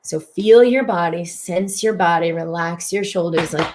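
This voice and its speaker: Here the same kind of host, a woman physician on a mind-body self-help show, speaks in a lowish, slightly mellow voice at an unhurried pace. Her delivery is expressive, with repeated words for stress and moments where she slips into saying her inner thoughts.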